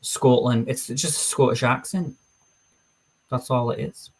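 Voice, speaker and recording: A male streamer with a slightly husky, breathy voice at a middle pitch. He talks in a loose, chatty way, reading out viewer comments and replying to them on the fly. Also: a little slow, darkish tone. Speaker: streamer host. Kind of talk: casual live-stream chat.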